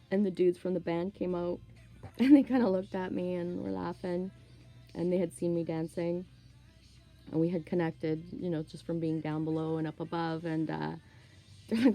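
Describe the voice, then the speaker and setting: Woman, forties, rambling and swearing freely, mellow low voice, faint music underneath. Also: steady tone, measured pace, long pauses, poor audio. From Canada. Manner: profane, rambling, candid. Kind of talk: casual monologue.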